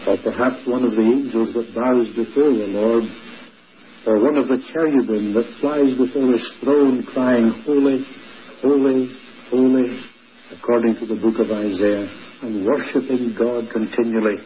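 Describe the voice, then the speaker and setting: A male preacher giving a sermon, slow and emphatic, dwelling on repeated words. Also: medium pitch, steady tone. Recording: dull lo-fi recording, faint noise.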